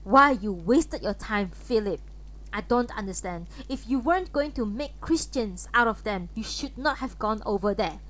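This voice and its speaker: A woman putting on a shrill, scolding pious mother. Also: sing-song, moderate pace, pushed and bright, heavily acted, rough recording. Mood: stern lecturing. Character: stern pious older mother, scolding and indignant.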